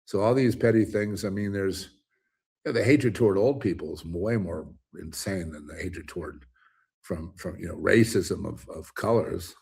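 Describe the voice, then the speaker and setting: Gravelly, husky and darkish in tone, a deep male voice moves at normal speed. The man runs his own commentary show, ranting alone in an emphatic, rambling style with lots of restarts.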